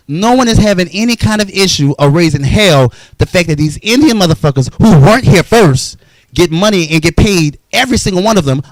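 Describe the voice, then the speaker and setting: A man's voice: fairly high pitch, no echo, poor audio. A man telling his own life story in a blunt, profane, heated monologue.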